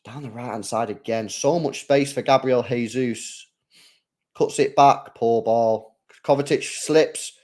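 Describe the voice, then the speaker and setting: A young man gives unhurried, slang-filled live reactions to a football game as a watchalong streamer, wandering from low mumbles to loud, sweary outbursts.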